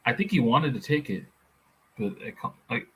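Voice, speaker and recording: A man's voice: mid-range voice, expressive, moderate pace, noisy background. A man in a casual football chat, blunt and heated, swearing freely. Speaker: football pundit.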